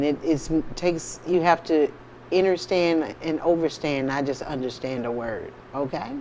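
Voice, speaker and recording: Tarot reader vlogging loose and chatty, mid-pitch voice, keeps going "okay?" and "you know what im saying", faint hiss behind. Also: a little mellow. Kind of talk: casual spiritual vlog monologue.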